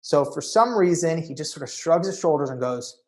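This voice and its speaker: A man speaking as a conference keynote speaker, telling a story in an animated way and often saying "you know.". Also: fairly high pitch, moderate pace. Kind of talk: storytelling talk.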